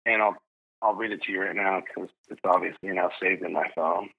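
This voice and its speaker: Excitable man on a phone-like line. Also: sits low, a little fast, gravelly. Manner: excitable, jokey storyteller. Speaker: stadium PA announcer, podcast guest. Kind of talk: casual podcast storytelling.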